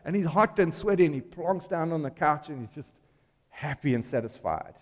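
A man's voice: a little high, lively intonation, normal speed, big-room sound. A man preaching a sermon in a conversational, storytelling way, putting questions to the congregation.

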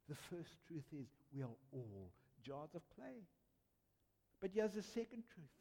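A man delivers a sermon in a high, mellow voice. He tells his stories earnestly, leaning on emphasis and dramatic pauses. His words ring out with long reverb through a church. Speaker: preacher.

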